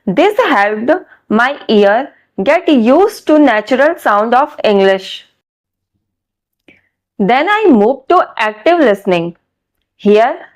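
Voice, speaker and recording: A woman narrates a scripted vlog in a slightly high voice, taking her time over each phrase. Her delivery is unhurried and deliberate, with careful pronunciation. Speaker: vlogger sharing her English learning.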